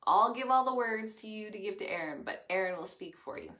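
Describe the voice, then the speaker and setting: A woman's voice: medium pitch, animated, a little fast, fairly bright tone, roomy sound, close to an everyday voice. A woman voicing God in a children's story, giving patient, reassuring instructions. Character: calm, patient, commanding divine voice.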